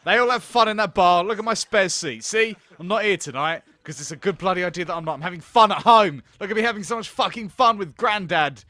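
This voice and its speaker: A young man commentating a game he plays, animated and profane, laughing often, on a close microphone. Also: high voice, a little fast, hardly any pauses, no echo. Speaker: gaming channel host. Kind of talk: let's play commentary.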